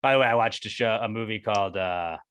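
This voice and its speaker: A man's voice: fairly low pitch, fast talker, clean tone. A man co-hosting a podcast, ranting in casual chat with lots of swearing. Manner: profane, excitable, rants with put-on quotes. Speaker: podcast co-host.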